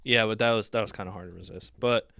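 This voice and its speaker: A man's voice: lowish voice, fast, vocal fry, clean tone, no room sound, studio quality. A man co-hosting a podcast, chatting casually with lots of fillers. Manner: relaxed, filler-heavy. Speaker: podcast co-host. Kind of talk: casual chat.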